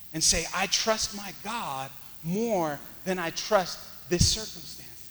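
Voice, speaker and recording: A pastor preaching a sermon, swinging from loud exclamations to hushed near-whispers. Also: male voice, sits high, long reverb tail, slight background noise, rough recording.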